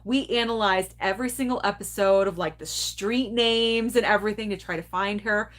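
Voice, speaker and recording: A woman's voice: medium pitch, normal speed, a bit bright. Chatty woman host laughing as she talks. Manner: chatty and candid, laughs often. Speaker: host of a movie club livestream. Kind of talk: casual livestream chat, reading viewer comments.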